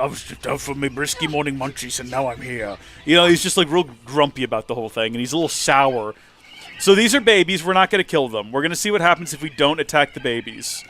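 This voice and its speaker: Rambling, animated male streamer. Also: fairly high pitch, a little hiss or hum. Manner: rambling, animated, acts out quotes. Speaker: let's play streamer. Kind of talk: casual gaming livestream commentary.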